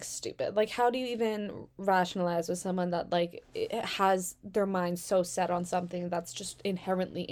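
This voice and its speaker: A woman's voice: medium pitch, mellow. A woman from Southern Virginia with a Southern American accent, reading out customer stories and reacting with sarcastic, chatty commentary and free swearing.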